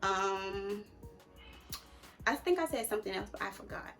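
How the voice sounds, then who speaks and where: A woman's voice: medium pitch, lively intonation, unhurried, fairly bright tone, soft background music. A young woman hosting a casual advice chat, talking emphatically and repeating her points like a sermon. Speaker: host.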